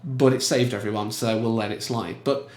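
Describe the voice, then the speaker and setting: A man's voice: medium pitch, moderate pace, roomy sound. Chatty man reviewing films. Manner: animated, emphatic, chatty. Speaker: film reviewer. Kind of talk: casual film commentary.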